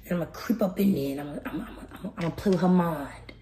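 A low, tempting devil drawls and coaxes, sly and scheming, as a woman puts him on. His voice sits under her usual pitch and comes out hushed and slow. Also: lightly acted.

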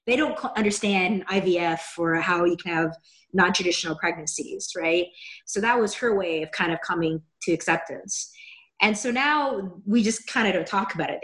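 A woman from Seattle telling a personal story in a candid, chatty way, with a wry, self-deprecating humor. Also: mid-range voice. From Seattle, USA. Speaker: guest sharing a personal story. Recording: roomy echo.

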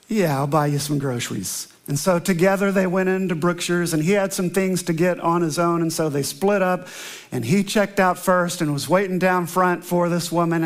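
A male pastor with a notably high speaking voice delivers a sermon, beginning with a prayer. He tells a story earnestly and slows down to press home repeated phrases. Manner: earnest storytelling, emphatic slow repetitions.

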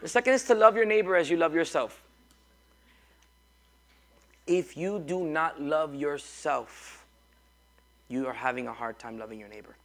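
Male pastor, sermon to a live church crowd, a bit high-pitched with a gravelly edge, emphatic call-and-response delivery. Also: normal speed, pauses often. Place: church before a congregation.

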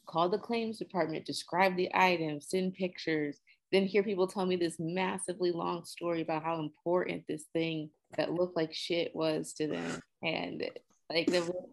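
A woman with a lower-than-usual voice, a guest in a casual podcast chat. She tells stories in an animated way, laughing as she goes. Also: moderate pace, gravelly.

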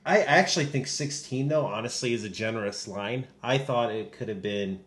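Young male co-host, casual and halting, average pitch. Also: a bit bright. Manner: hesitant, many ums and restarts. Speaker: podcast co-host. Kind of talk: casual sports podcast chat.

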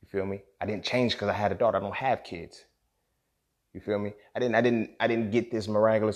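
Brisk and steady in tone, this man's fairly low voice carries an impassioned solo rant on his podcast. As host, he sounds angry and emotional, swears emphatically, and keeps asking "you feel me."

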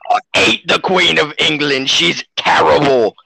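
A man playing an over-the-top stereotypical Australian bloke in a put-on Australian accent for a comedy podcast bit, rambling deadpan and full of catchphrases. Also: fairly high pitch, normal speed, vocal fry, crowd noise, rough recording. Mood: boisterous.

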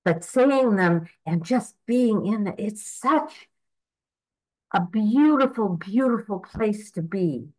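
A woman in her eighties, earnest and reflective, prays aloud to God and then reflects on the prayer. Her voice is mid-range, and the audio quality is poor.

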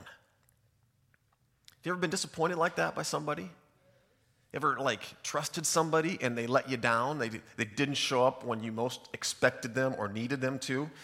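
Bright-voiced pastor in a hall. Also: male voice, mid-range voice, normal speed. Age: middle-aged. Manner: chatty, self-deprecating, lively storyteller. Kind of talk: storytelling sermon to a youth group. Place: church hall with live audience. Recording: long hall reverb.

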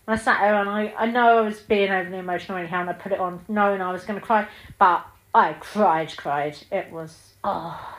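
Woman, 30s, podcast host, chatty, gushing, filler-heavy, mid-pitched. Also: rough recording. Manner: chatty and gushing, with frequent ums. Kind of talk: casual solo film chat.

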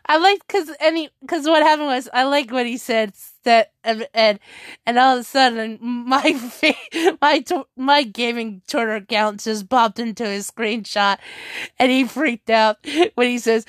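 A woman rambles through a casual vlog chat, laughing often and restarting her sentences. Her voice sits a bit high, and she takes her time over every thought. The sound is dry and close, with no room around it. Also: unhurried, no room sound.

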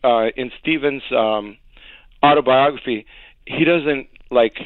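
A man recounts stories as an interview guest, acting out what others said and laughing along the way. His voice is of middle pitch, and it comes through thin and phone-like. The sound is dry and close. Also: slow pace, dry recording. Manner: animated storyteller, acts out quotes, laughs often. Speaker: songwriter guest. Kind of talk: storytelling interview.

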